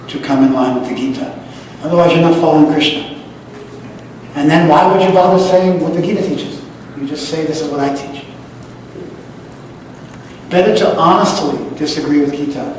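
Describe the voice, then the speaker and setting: A high-voiced man from the United States lectures on scripture with emphatic repetition, now and then chanting Sanskrit lines. He sounds distant from the mic, and his voice rings through a large hall with a long, echoey reverb. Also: slight background noise. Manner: emphatic, repeats key phrases, chants Sanskrit verses. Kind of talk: religious lecture.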